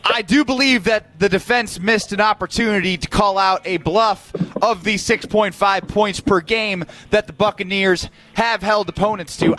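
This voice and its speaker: A man's voice: high voice, a bit bright. A man co-hosting sports radio, rambling earnestly as a mock juror. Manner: rambling, earnest, self-deprecating. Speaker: radio co-host. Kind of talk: comedic sports talk.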